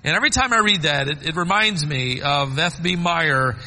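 A man preaching a sermon, swinging between soaring emphatic peaks and quiet low asides. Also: moderate pace, long reverb tail, poor audio.

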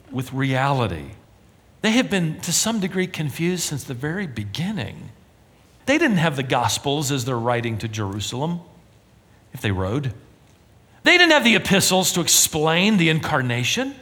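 Male pastor, emphatic sermon delivery, bright tone, long hall echo. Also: medium pitch. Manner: animated preaching, emphatic rises and drops to near-whisper.

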